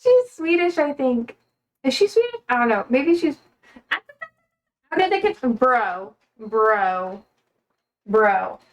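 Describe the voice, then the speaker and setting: A woman's voice: high voice, big pitch swings, slow pace, long pauses, low-quality recording. An American woman cooking in her home kitchen on a live stream, chatting casually and answering her chat. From United States.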